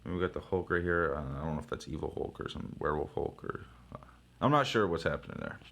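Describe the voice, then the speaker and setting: A young man casually paging through a comic, talking in an excitable, profane, rambling way with shouted sound effects. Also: extremely low pitch, fast talker. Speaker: comic book reviewer.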